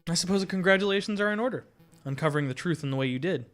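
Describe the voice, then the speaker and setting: A man's voice: high-pitched, lively intonation, very fast, fairly bright tone, faint music behind, pitched above the performer's own voice. Man voicing a suave fox investigator. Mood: pleased.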